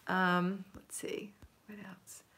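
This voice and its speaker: A woman's voice: medium pitch, flat delivery, slow, fairly bright tone. A middle-aged woman chatting on a home livestream, reading viewer comments aloud in an upbeat way, laughing and trailing off with ums. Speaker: home organizing livestream host.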